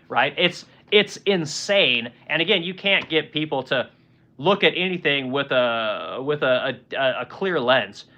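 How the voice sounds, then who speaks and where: A man's voice: a little high, expressive, measured pace, sharp tone. A man in his forties hosting a livestream, ranting bluntly and profanely with lots of rhetorical questions while reading chat comments. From United States. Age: 40s. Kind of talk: casual political rant.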